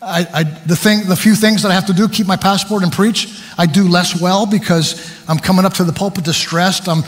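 A man preaching a sermon, telling stories about himself with animated, self-deprecating humor. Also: high voice, a little fast, in a large hall.

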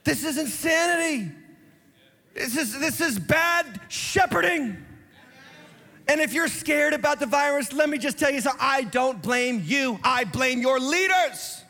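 A male pastor preaching an impassioned sermon, sometimes shouting. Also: very high voice, lively intonation, unhurried, in a large hall. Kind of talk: fiery sermon.

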